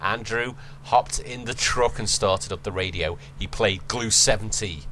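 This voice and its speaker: A man's voice: fairly low pitch, a little slow, bright, forceful tone, slight background noise. A male podcast host reading fan fiction aloud, laughing, swearing and stopping to mock the text.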